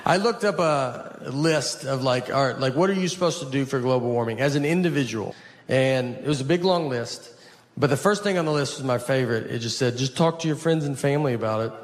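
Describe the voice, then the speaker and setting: Deadpan man doing stand-up. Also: mid-range voice, fairly quick. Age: 40s. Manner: deadpan storytelling, quoting people in flat asides. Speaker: stand-up comedian. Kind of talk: stand-up comedy set. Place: stage before a live audience. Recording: live show with audience noise.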